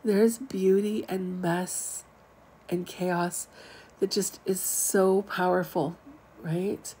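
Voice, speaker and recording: A woman's voice: lowish voice, fairly even intonation, drawn-out words, warm tone, a little hiss or hum, poor audio. A middle-aged woman giving a frank, chatty spiritual talk to online viewers, with casual asides. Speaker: spiritual teacher. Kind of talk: live-streamed spiritual talk.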